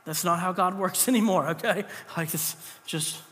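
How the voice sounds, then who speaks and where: A high-pitched man preaches with a bright, forceful tone, his voice carrying through a church hall with a long reverb tail. He talks in a conversational way and drops joking asides between points. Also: moderate pace, a little hiss or hum. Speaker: pastor. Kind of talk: sermon.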